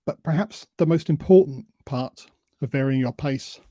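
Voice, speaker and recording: A man giving a presentation on public speaking, who admits he tends to talk too fast and deliberately varies his pace and emphasis. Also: a little high, warm tone, no echo. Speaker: invited speaker.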